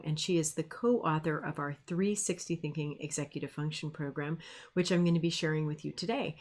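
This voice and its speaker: A middle-aged woman, a speech pathologist, giving a friendly presentation full of classroom anecdotes and fillers. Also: deep voice. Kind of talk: presentation lecture.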